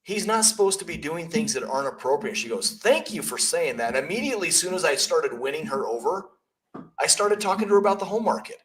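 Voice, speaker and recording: A man's voice: fairly high pitch, lively intonation, fast, a bit bright, low-quality recording. Emphatic man coaching on sales. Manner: emphatic, blunt, storytelling. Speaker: realtor and coach. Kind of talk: casual business podcast chat.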